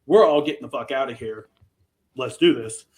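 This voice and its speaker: A man's voice: mid-range voice, moderate pace, darkish tone, close to an everyday voice. A man putting on the voice of a brash male soldier hero who makes swaggering threats while recapping a story. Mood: cocky threat.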